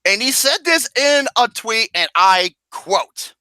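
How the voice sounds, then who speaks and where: A podcast host rants loudly and swears freely in casual chat. His pitch swings widely, and his voice has a bright, forceful edge. The sound is dry and close. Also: animated, takes it slowly, hardly any pauses, no room sound. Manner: loud, profane ranting.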